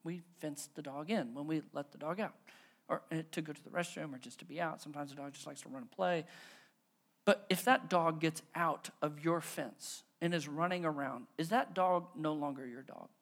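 A pastor preaching a sermon in a relaxed, conversational way, telling everyday stories with folksy humor and asking the congregation questions. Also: mid-range voice, moderate pace. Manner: folksy, self-deprecating humor; stumbles and repeats words when driving home a point.

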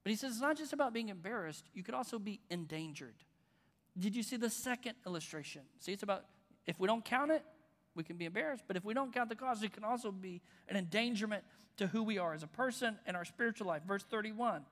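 A pastor preaching a conversational sermon, with bursts of loud emphasis. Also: male voice, high voice, animated, fast. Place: church auditorium. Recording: long reverb in a large hall.

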